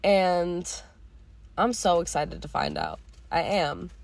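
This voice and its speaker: A teenage girl talks through her feelings in a loose, rambling monologue, often trailing off and starting over. Her voice sits a little low for a young woman and has a slight hoarseness. She swears casually and speaks with blunt candor. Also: wildly swooping pitch, slow, darkish tone. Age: teens. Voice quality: voice going hoarse. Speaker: podcast host.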